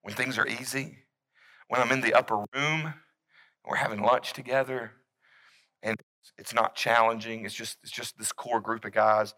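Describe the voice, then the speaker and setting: A man preaching a sermon, animated, swinging between loud emphasis and quiet intensity. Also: medium pitch, normal speed, long pauses, poor audio. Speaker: pastor.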